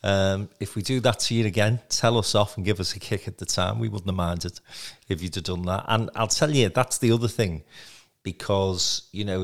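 Low gravelly guy hosting a podcast, chatty and encouraging, lots of ums. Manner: warm, encouraging, rambling with fillers. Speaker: podcast host. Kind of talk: conversational podcast interview.

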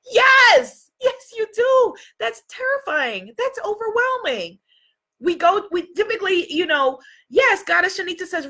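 Woman, high voice, bright tone, live coaching, warm, encouraging, repeats phrases. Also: sing-song, measured pace. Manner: warm, encouraging, greets viewers by name. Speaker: livestream coach.

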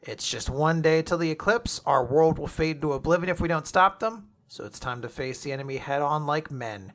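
A man's voice: on the high side, moderate pace, a bit bright. A man casually recapping a comic on a podcast, animatedly retelling scenes and acting out characters' lines with frequent laughs. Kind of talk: casual chat.

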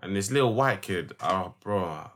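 A young man with a London accent talks in a loose, slangy way, swearing freely as he tells his stories. His voice sits fairly low. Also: unhurried, slight background noise. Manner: slangy, animated storytelling with swearing. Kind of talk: casual chat.

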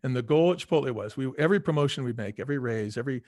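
Fast-talking, emphatic middle-aged man. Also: medium pitch, no room sound, clean studio sound. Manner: energetic, emphatic, acts out quoted people. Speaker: interview guest, former restaurant executive. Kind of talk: casual storytelling in a podcast interview.

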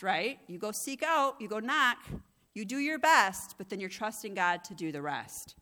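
A woman's voice: fairly low pitch, fairly bright tone. A woman pastor giving a conversational sermon, growing emphatic and intense at moments. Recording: long hall reverb.

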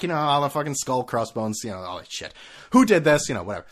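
Man, sports talk host, sarcastic rant, voice swinging up and down, slightly high. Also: fast talker. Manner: sarcastic, profane, animated ranting.

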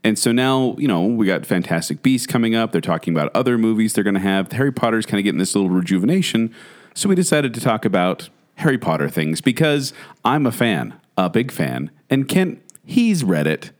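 A man co-hosting a podcast in casual chat, reacting with excited disbelief. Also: on the low side, brisk. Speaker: podcast co-host.

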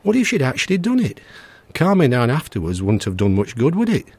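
A man's voice: mid-range voice, wildly swooping pitch, fairly quick, a little mellow, slightly rough, no room sound, voice pushed up, heavily acted. A man voicing a nervous middle-aged husband who talks in an anxious, fretful way. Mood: worried.

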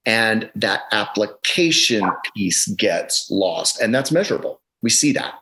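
A man's voice: lowish voice, animated, unhurried, bright, forceful tone, low-quality recording. A middle-aged man guesting on a podcast over a video call, talking in an emphatic, explanatory way and leaning on data to make his case. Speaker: education consultant, podcast guest.

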